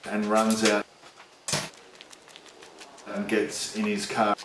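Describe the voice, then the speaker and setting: A man reading a comic story aloud in a playful manner, giving deadpan one-word answers. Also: on the low side, slow pace, long pauses, noisy background. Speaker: comedian guest. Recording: echoey room, mic at a distance.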